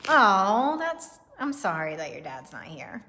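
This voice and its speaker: A woman's voice: medium pitch, very animated, measured pace, sharp tone. A young woman giving a casual livestream tarot reading, chatty and profane, laughing often and greeting viewers by name. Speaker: tarot reader.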